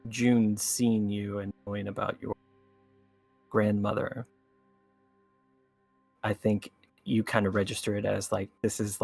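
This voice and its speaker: Slow gravelly-voiced man player. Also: lowish voice, dry recording. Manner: casual and loose with fillers. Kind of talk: playing a tabletop game.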